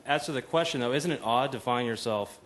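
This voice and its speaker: A man asking a pointed question from the floor, halting but persistent. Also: mid-range voice, a bit bright, a little hiss or hum. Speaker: audience questioner.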